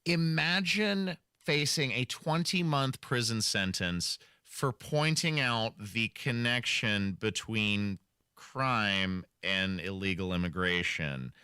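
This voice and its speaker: A man's voice: lowish voice, slow, bright, forceful tone, clean tone. A man hosting a radio talk show, commenting with sarcasm and mockery. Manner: sarcastic, mocking. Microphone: studio microphone.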